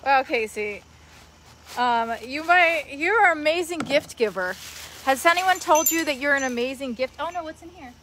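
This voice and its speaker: A young woman with a high, bright voice gushes over each gift she opens, talking straight to her viewers in a casual vlog. Her excited chatter runs over a faint hiss of background noise. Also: moderate pace. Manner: gushing, excitable, talks to viewers and gift giver. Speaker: vlogger opening a gift haul. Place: home, later outdoors by a tree.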